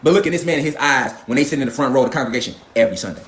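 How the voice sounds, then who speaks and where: A man's voice: medium pitch, racing, fairly bright tone, slight background noise. A man in a profane, confrontational ranting monologue, firing rhetorical questions. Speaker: commentator.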